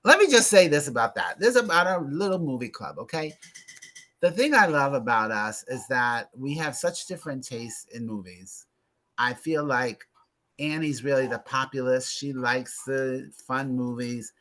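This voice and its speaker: Male host for a movie club chat: campy, sarcastic, gossipy, bright and lively. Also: medium pitch, moderate pace. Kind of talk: casual movie review chat.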